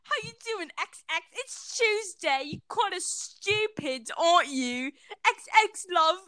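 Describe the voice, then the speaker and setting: A rude chav girl sneers in a mock British accent, calling everyone love, as a woman puts her on. The voice sits very high and sounds close and dry. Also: lively intonation, unhurried, pushed and bright, dry recording, exaggerated voice. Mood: taunting. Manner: taunting, calls everyone love.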